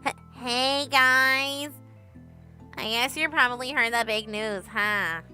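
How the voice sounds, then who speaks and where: A woman's voice: fairly high pitch, fairly even intonation, slow, bright, forceful tone, soft background music, full character voice. A woman reading as a friendly shopkeeper closing down her store, talking casually and hesitantly. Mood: wistful.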